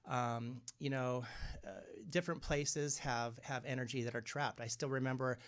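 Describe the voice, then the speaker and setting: A man with a medium-pitched voice tells stories in a relaxed interview. His delivery is animated, and he puts on the voices of people he quotes. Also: normal speed. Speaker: guest medium. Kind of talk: casual interview conversation.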